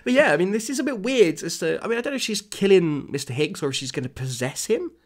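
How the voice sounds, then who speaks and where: A man's voice: high voice, very animated, fast. A man hosting a podcast, reading his old story aloud and breaking off to comment, laughing often. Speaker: podcast host.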